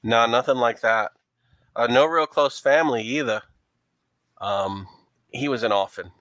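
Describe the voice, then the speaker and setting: A man with a New York accent voicing a worried young woman from a dance troupe, answering haltingly with many fillers. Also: mid-range voice, fairly bright tone, no room sound, lightly acted. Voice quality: broad, leaned-in street accent.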